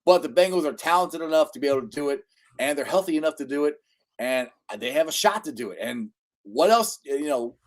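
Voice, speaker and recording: A man from Cincinnati hosting a casual sports podcast live stream, enthusiastic and laughing at his own jokes. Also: a little high. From Cincinnati, USA. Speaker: podcast host. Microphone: live-stream microphone.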